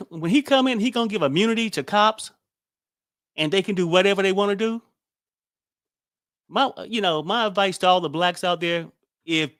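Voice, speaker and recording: A fairly high-voiced man, ranting bluntly and wearily. He swears freely and sounds exasperated, recorded close and dry with no room sound. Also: fairly bright tone, no echo. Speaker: political commentary host. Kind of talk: casual political commentary.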